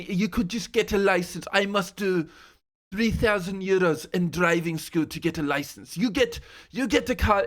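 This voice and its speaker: A young man putting on a French accent to mimic an indignant young woman who yells at him. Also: lightly acted. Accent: French, put on. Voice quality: high, strident, stilted.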